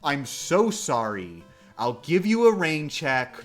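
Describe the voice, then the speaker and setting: Smug bragging warlord guy, full of himself, talks slow, streamer doing the voice. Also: mid-range voice, animated, a bit bright, soft background music. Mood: flustered. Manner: smug, bragging, flustered when caught out. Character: boastful self-important male warlord. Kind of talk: comic retelling with put-on voices.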